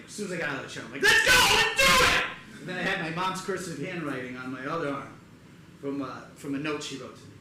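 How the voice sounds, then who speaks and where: A man performing live storytelling comedy in a theater, animated and acting out other people's voices in loud bursts. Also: on the high side, a little hiss or hum. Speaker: comedian performing a one-person show. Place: theater stage before a live audience. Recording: echoey theater with audience ambience.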